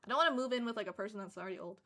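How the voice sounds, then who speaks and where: A woman's voice: medium pitch, racing, pushed and bright. A young woman livestreaming in casual chat, rambling with lots of fillers, who says she lives in Canada. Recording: faint music behind.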